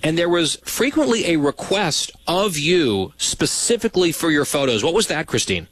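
A man's voice: fairly high pitch, sing-song, normal speed, fairly bright tone, no echo. A man hosting a talk show, chatting casually and teasing his producer with dry humor.

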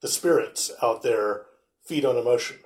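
A man's voice: mid-range voice, normal speed, a little mellow, roomy sound. A man on a podcast as a guest, chatting and telling a wry anecdote. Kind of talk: casual chat, storytelling.

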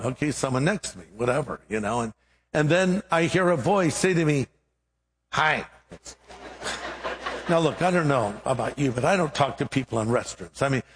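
A middle-aged male pastor delivers a sermon in a slightly high voice. He tells stories with playful, acted-out dialogue and dry humor. His voice carries a long reverb from a large hall. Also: animated, a little fast.

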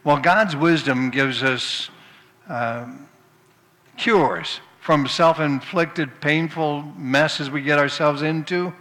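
Guy preaching, folksy jokey stories, kinda high voice, big hall echo. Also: slow, sharp tone. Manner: storytelling, folksy, with occasional restarts. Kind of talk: sermon with humorous anecdotes. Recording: long hall reverb.

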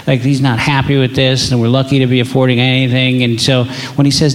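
A man's voice: mid-range voice, flat delivery, fairly quick. A man doing stand-up as a father, telling stories in an exasperated, confessional way. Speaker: stand-up comedian. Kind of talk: stand-up comedy set.

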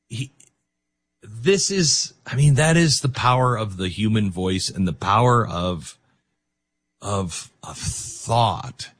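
A man's voice: mid-range voice, a bit bright, slightly rough, no echo. A man hosting a talk radio show, speaking in an emotional, emphatic way.

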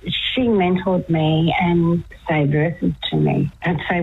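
A woman's voice: on the low side, lively intonation, unhurried, few pauses, a little hiss or hum. An older woman chatting as a radio guest, telling her story with eagerness and frequent laughter. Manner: enthusiastic storyteller, laughs often. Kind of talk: casual chat on radio. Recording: muffled lo-fi radio sound.

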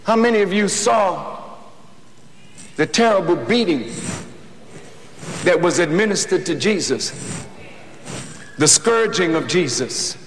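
A man giving an impassioned speech to an audience, preaching with slow, deliberate emphasis and rising to shouts. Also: sits high, lively intonation. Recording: echoey hall with faint noise.

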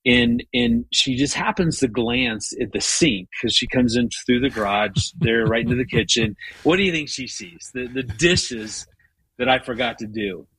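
A man's voice: medium pitch, normal speed, fairly bright tone, a little hiss or hum, low-quality recording. A man in his fifties, a guest talking earnestly about marriage, restarting often as he tells a story. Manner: earnest, frequent stammered restarts. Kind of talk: conversational storytelling.

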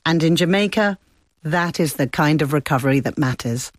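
A woman correspondent reading a scripted radio report in a measured, descriptive way. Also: low-pitched, no room sound. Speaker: foreign correspondent.

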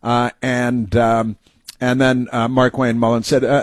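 A man's voice: mid-range voice, flat delivery, normal speed, no echo. A man hosting a talk show, giving heated, mocking opinion commentary full of fillers and restarts.

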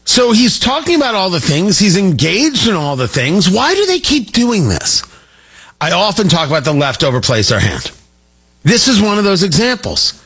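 A man's voice: high voice, wildly swooping pitch, fairly bright tone, breathy edge. A man hosting a political talk radio show, delivering an emphatic, combative monologue. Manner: combative, emphatic, rapid asides.

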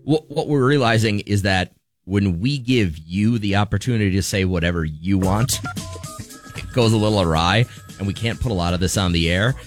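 A man's voice: on the low side, brisk, faint music behind. A man co-hosting a morning radio show, explaining contest rules in upbeat banter.

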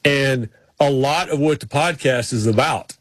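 Husky-voiced man on a sports talk show. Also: mid-range voice, no echo. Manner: rambling, with quick restarts and folksy impressions. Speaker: radio sports show co-host. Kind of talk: casual storytelling chat.

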